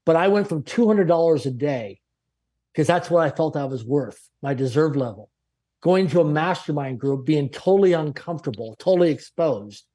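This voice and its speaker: A man shares a personal story as a guest on a podcast. He speaks with animated emphasis, piling up short punchy phrases, and his voice sits a touch higher than most men's. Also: normal speed.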